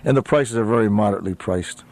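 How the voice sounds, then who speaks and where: A man's voice: fairly low pitch, fast talker, a little mellow. A man who owns a restaurant, talking as a radio guest in a rambling way with lots of uhs and easy laughs. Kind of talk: casual radio interview chat.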